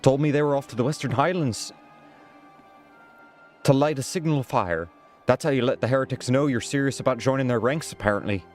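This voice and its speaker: A man voicing a rough-spoken male soldier for hire in a put-on Irish accent, halting and stumbling over his lines. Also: medium pitch, soft background music, natural voice. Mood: gossipy.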